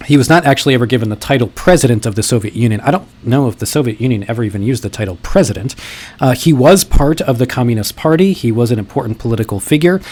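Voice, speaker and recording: A man's voice: medium pitch, a little mellow. A man hosting his own video, giving casual skeptical commentary in a conversational way with frequent fillers and self-corrections. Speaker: video host.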